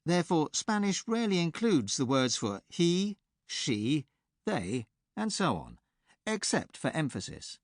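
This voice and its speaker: Lively-voiced man presenting a language course. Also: on the high side, dry recording, studio quality. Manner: clear, measured teacher's delivery. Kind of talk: scripted instructional narration. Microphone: close studio mic.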